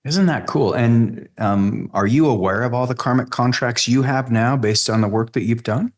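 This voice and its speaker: A man hosting a podcast interview, asking curious, hesitant questions with pauses and fillers. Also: medium pitch. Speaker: podcast host. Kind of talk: conversational interview.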